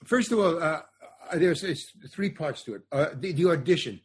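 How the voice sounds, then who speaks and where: A man's voice: fairly high pitch, moderate pace, husky. An older man, a comedian and actor, telling a show business anecdote as a podcast guest, acting out the voices of others. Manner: animated, acts out other voices. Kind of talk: storytelling anecdote in a podcast interview.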